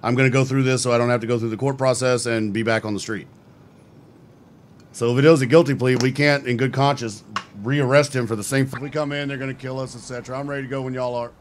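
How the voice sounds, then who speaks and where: A man streaming a game, talking as a sheriff in a measured, procedural way, with the odd profane outburst. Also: medium pitch, steady tone, slight background noise. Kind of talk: in-character role-play and commentary.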